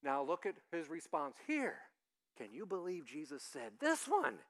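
A male pastor giving a conversational sermon, lively and acting out the voices he quotes. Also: on the high side, a little slow, vocal fry. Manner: animated, acts out quoted voices.

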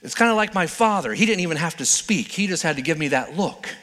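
A man's voice: on the high side, animated, fast talker, fairly bright tone, in a large hall. A male pastor preaching a sermon in a playful, conversational storytelling manner.

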